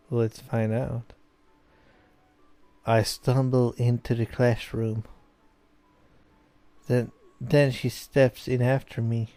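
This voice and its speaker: A man's voice: mid-range voice, level tone, takes it slowly, long pauses, warm tone, dry recording. A young man, a bit tipsy, rambling casually as he plays and reads a visual novel aloud. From Sweden. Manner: rambling and casual, with many fillers. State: tipsy from beer. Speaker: gaming video host. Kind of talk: let's play commentary, reading a visual novel aloud.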